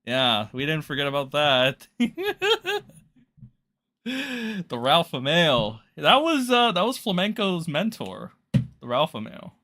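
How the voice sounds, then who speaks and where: A man's voice: a little high, big pitch swings, measured pace, pushed and bright. A man doing casual livestream commentary, blunt and profane, rambling loosely as he reacts to chat. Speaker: streamer reacting to drama.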